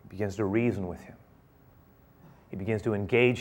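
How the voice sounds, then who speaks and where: A man preaching a sermon, retelling a story and acting out its dialogue with rising excitement. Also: lowish voice, brisk.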